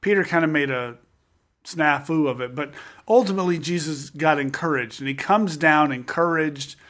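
Here is a man with a slightly raised voice telling a scripture story in casual, animated fashion. He tosses in quick jokes and asides as he talks it through. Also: on the high side. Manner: animated storyteller who acts out quotes with jokes.

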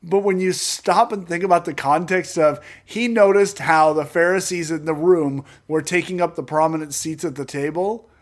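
Animated man reading scripture aloud. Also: a little high, moderate pace, hardly any pauses. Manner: animated, jokey, acts out voices in quotes. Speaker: podcast co-host reading scripture. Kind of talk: casual Bible discussion.

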